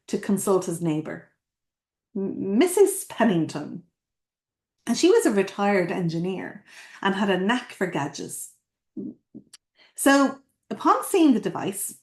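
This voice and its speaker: A woman coach giving a playful motivational talk, asking listeners questions and telling a story. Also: medium pitch. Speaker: coach and academy founder. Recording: roomy echo.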